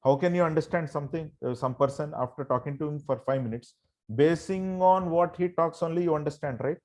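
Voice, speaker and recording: A man's voice: fairly high pitch, brisk, a little mellow. A man giving an online motivational session over a video call. He speaks emphatically, fires rhetorical questions at his listeners and keeps calling them "my dear friends". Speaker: motivational trainer.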